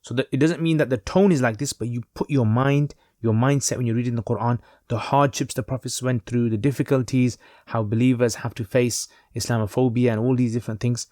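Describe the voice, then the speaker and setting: A man teaching a lesson on religious texts in an unhurried, reflective way, pausing with fillers as he explains. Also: mid-range voice, fairly even intonation, darkish tone, dry recording, studio quality. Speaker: Islamic teacher.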